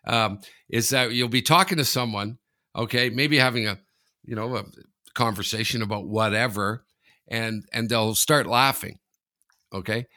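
A man co-hosting a podcast over a remote line. He talks in an animated, rambling way and laughs through his own stories. His voice is mid-pitched and bright. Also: normal speed. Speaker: podcast co-host. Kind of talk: casual chat.

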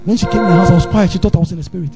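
A Ghanaian pastor preaching a sermon in church, animated, drifting into sing-song and acting out his stories. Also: high voice, rapid-fire, music in the background. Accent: Ghanaian English.

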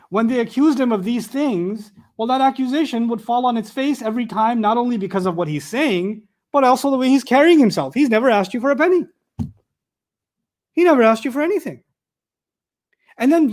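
A man with a notably high-pitched voice teaches a lesson of Quran commentary. He talks in an animated way, throws rhetorical questions at his listeners, and breaks into recited Arabic verses. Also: vocal fry. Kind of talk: tafsir lecture.

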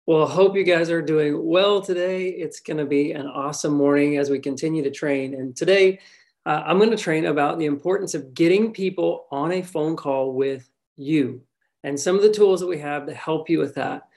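A man's voice: fairly high pitch, normal speed, vocal fry, a little mellow. A man starting a team training on a call, friendly and easygoing. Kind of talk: casual training talk.

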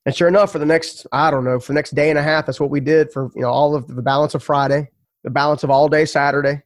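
A man's voice: a little high, fairly even intonation, fast, dry recording, studio quality. A man telling his story as a podcast guest, earnest and emphatic, often repeating words.

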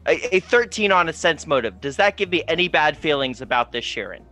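A man's voice: on the high side, animated, fairly quick, pushed and bright, soft background music. A man playing a tabletop game, talking in rambling bursts that restart and trail off. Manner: rambling, self-interrupting. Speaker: player. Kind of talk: casual tabletop play.

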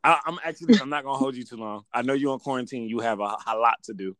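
A man hosting a casual interview, animated and teasing, laughing often. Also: medium pitch, quick pace, dry recording. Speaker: podcast host.

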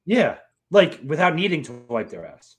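A man's voice: on the high side, sing-song, normal speed, breathy edge. A man co-hosting a podcast in casual, rambling banter, laughing often. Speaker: podcast co-host. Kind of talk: casual chat.

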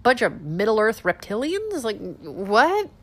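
A woman's voice: on the high side, unhurried. Sarcastic stuffed-up woman hosting commentary. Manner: sarcastic, animated, rhetorical questions. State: stuffed-up nose. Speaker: political commentary host. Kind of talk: casual political commentary.

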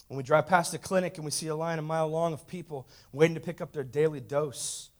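A high-pitched male pastor in his thirties preaches to his congregation. He drops to near-whispers and then builds to loud, emphatic declarations. He keeps pressing the room with rhetorical questions. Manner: dramatic swings from hushed to loud. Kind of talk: sermon.

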